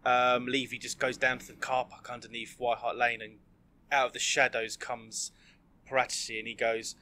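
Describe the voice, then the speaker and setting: A man's voice: mid-range voice, flat delivery, moderate pace, bright, forceful tone. A man co-hosting a casual football podcast, rambling and hesitant with frequent ums. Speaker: podcast co-host.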